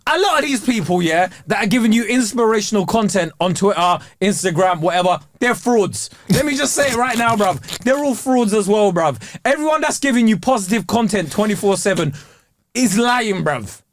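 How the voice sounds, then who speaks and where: A man co-hosting a podcast, ranting in a loud, emphatic, comic way. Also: high-pitched, expressive, normal speed, no room sound. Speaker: podcast co-host. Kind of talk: casual chat.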